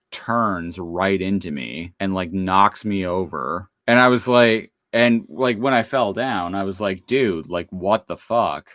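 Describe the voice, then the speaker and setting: Slow, low-voiced podcast storyteller man. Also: pushed and bright, smooth, dry recording, clean studio sound. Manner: unhurried storytelling with many "uh" and "like" fillers. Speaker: podcast co-host. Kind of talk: casual podcast chat.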